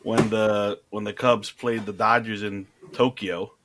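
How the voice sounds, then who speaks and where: A man co-hosting a podcast, talking sports in a relaxed, rambling way with frequent restarts. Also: fairly low pitch, measured pace, noisy background. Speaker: podcast co-host. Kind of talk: casual sports chat.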